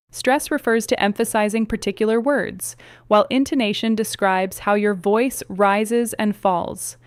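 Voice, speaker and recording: A woman reading a scripted English listening lesson in an even, measured way. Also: medium pitch, clear, resonant tone, dry recording. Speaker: English teacher. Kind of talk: scripted narration.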